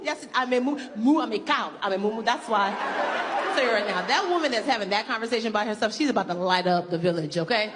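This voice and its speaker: A woman doing stand-up in a large venue, her pitch high and lively. Hall reverb and crowd noise fill the recording. She laughs as she acts out quoted lines. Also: fairly quick. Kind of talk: stand-up comedy. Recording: echoey hall with loud crowd.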